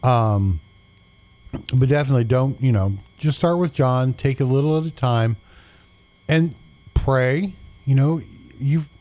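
A man co-hosting a Christian radio show as a pastor, giving unhurried, fatherly advice with frequent pauses and fillers. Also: medium pitch, mellow, no echo. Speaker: pastor and co-host. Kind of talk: casual Christian radio talk.

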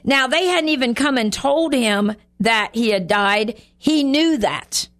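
A woman's voice: fairly high pitch, animated, slow pace, fairly bright tone. A woman teaching a Bible lesson on her show in an earnest, conversational way, acting out the lines she quotes. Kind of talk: sermon.

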